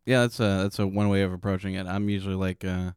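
A man's voice: low-pitched, fairly even intonation, fast talker, a little mellow, clean tone, no echo, clean studio sound. A man hosting a podcast, chatting casually and teasing his co-host playfully. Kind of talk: casual banter.

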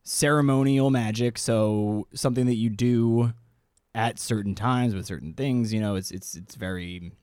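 A man's voice: lowish voice, moderate pace, darkish tone, smooth, no echo, clean studio sound. Rambling, profane man on a podcast. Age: 30s. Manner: loose, profane, rambling with restarts. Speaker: podcast co-host. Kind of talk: casual podcast chat.

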